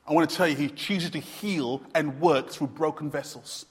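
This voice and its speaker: High-voiced preacher in a reverberant hall. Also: male voice, moderate pace, breathy edge. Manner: emphatic, repetitive, conversational with fillers. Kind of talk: sermon.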